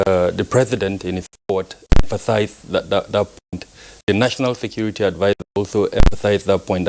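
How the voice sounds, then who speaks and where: A man weighs in as a guest analyst on a live news panel. His voice sits a little low, and he talks in a measured way, stopping often with fillers and restarting his sentences. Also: a little mellow, a little hiss or hum, low-quality recording. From Nigeria.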